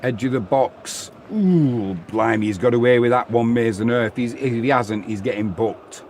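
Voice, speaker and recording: A man's voice: mid-range voice, steady tone, normal speed, darkish tone, a little hiss or hum. A man hosting live football commentary, chatting and reading out viewer comments between plays. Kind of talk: live watch-along commentary.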